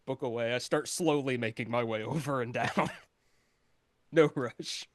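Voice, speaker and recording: A man playing a tabletop game, hesitant and slow to get going, with many fillers. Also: mid-range voice, dry recording. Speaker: player. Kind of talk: casual tabletop play.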